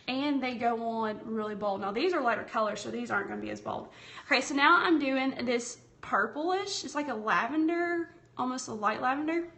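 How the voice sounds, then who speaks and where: A Southern woman with a slightly high voice hosts a relaxed live painting tutorial from her tablet. She chats warmly with viewers as she works, reads out their comments and calls them y'all. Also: gravelly. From Tennessee, US South. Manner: chatty and friendly, calls viewers y'all, talks while working. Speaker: craft livestream host. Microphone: tablet streaming app.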